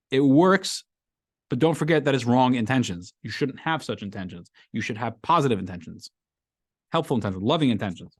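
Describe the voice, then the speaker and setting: A man's voice: medium pitch, no echo. A male rabbi leads a weekly class in a room full of students, talking casually and bringing examples to life. His voice swings up and down expressively. The sound is dry and close. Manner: animated, acts out everyday scenarios for the class. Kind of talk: conversational class lecture. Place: classroom with a live group.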